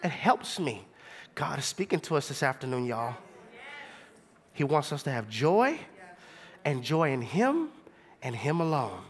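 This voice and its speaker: A young adult man preaching a sermon in an animated, conversational way, throwing rhetorical questions at the congregation. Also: mid-range voice, unhurried, long pauses.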